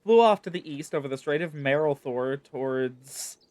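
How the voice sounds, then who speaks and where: A man reading as a gruff camp commander. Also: fairly high pitch, lively intonation, moderate pace, darkish tone, lightly acted. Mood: musing. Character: gruff male camp commander, blunt and weary.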